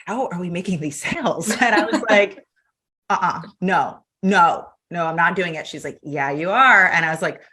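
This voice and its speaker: A woman guest on an interview show, telling her story in a lively, chatty way and acting out the other people's lines as she goes. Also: on the low side. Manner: animated, acts out quoted dialogue, laughs often. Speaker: podcast guest.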